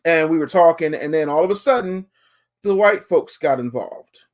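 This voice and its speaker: A man hosting a podcast, chatting casually and telling stories in an animated, profane way. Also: a little high, normal speed. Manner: animated, profane storytelling with acted quotes. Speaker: podcast host.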